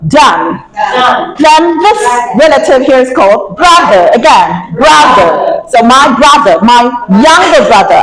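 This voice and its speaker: A woman's voice: on the high side, echoey room, low-quality recording. A woman teaching pronunciation, leading the class to repeat words after her and asking quiz questions. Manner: leads call-and-response repetition, asks quiz questions.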